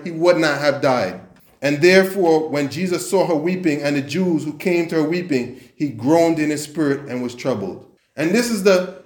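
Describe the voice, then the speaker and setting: A man's voice: a little high, echoey room. A man preaching a sermon in an earnest way, often repeating himself and restarting his sentences.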